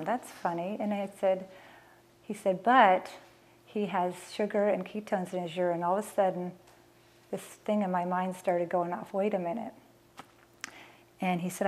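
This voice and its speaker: A woman's voice: on the low side, darkish tone. A middle-aged woman, a mother, telling her family's story in an earnest, emotional way and acting out past conversations. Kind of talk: personal storytelling.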